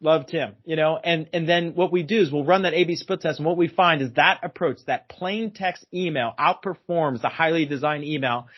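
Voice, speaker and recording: A man's voice: on the high side, moderate pace, few pauses. Emphatic man, guest expert, lo-fi sound. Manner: emphatic, repeats key phrases for effect. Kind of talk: explanatory podcast interview answers. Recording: dull lo-fi sound.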